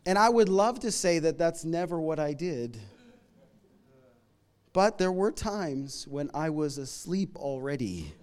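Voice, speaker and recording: A middle-aged man preaching a sermon in a conversational, humorous way, moving between loud emphatic lines and quiet asides. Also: a little high, expressive, unhurried, smooth. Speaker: pastor.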